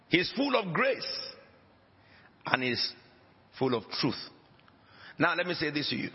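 A man preaching a sermon as pastor, emphatic, with dramatic rises and drops in his voice. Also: fairly high pitch. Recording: dull lo-fi recording with long hall reverb.

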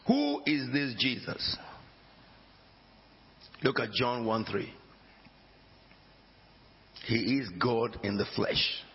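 A man's voice: mid-range voice, very slow, long pauses, slight background noise. A man preaching a sermon as pastor, emphatic, with dramatic rises and drops in his voice. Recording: dull lo-fi recording with long hall reverb.

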